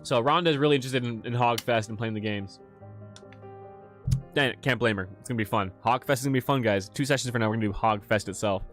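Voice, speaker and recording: A man hosting a relaxed livestream, chatting casually as a game master about his campaign, with a self-deprecating, joking manner. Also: mid-range voice, fast, soft background music. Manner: relaxed and chatty, laughs at himself. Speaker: game master and channel host.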